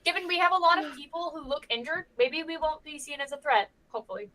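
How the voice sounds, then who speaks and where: A woman's voice: high-pitched, bright, forceful tone, low-quality recording. A woman playing in a tabletop game, chatting casually and jumping in eagerly. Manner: eager, quick to jump in. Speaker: player.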